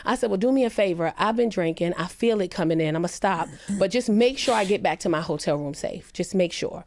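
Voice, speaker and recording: A woman comedian on a podcast, telling a personal story earnestly and emphatically, her pitch rising when she quotes people. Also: a little fast, darkish tone, slight background noise. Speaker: comedian guest.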